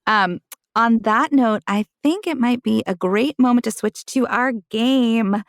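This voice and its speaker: A woman's voice: fairly high pitch, unhurried, no room sound, studio quality. A woman from Alabama with no regional accent, co-hosting a roundtable conversation. She speaks in a musing way and often restarts her phrases. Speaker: podcast co-host.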